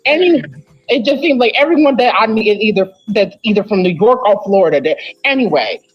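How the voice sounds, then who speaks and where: A woman's voice: medium pitch, lively intonation, fairly quick. A woman from the United States co-hosting a casual live stream, rambling chattily and leaning on "I'm like". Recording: dull lo-fi audio with faint hiss.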